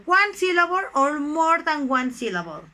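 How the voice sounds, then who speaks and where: A young woman who speaks Spanish natively, teaching an online English grammar lesson with a Mexican Spanish accent, explaining slowly and deliberately and often addressing the class as "guys". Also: sits high, sing-song, bright, forceful tone, rough recording.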